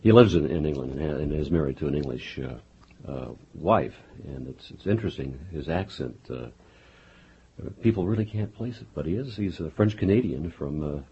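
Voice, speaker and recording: Radio host, man, extremely deep raspy voice, chatty and hesitant, lo-fi. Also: expressive, normal speed, warm tone. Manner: conversational, hesitant. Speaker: radio interviewer. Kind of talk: radio interview.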